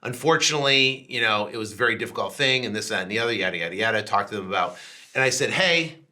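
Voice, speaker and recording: A man hosting a podcast, telling a story in a casual, animated way, acting out both sides of phone calls and often adding "right?" to his sentences. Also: on the low side, quick pace. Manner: frequent restarts and "right?" tags. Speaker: podcast host.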